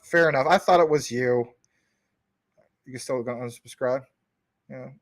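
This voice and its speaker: A man's voice: mid-range voice, unhurried, pauses often, no room sound, studio quality. A man hosting a live stream from his couch at home, chatting casually with viewers in a rambling, jokey way and teasing commenters. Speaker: livestream host.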